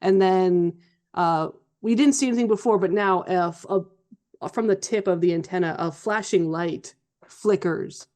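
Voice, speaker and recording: A woman's voice: on the low side, measured pace, a little mellow. A woman narrating as game master of a tabletop role-playing game, chatty and loose, with fillers and restarts.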